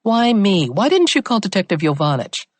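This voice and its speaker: A woman voicing a sharp, blunt woman handwriting expert in an audiobook thriller. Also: mid-range voice, very animated, moderate pace, dry recording, pitched above the performer's own voice. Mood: wary.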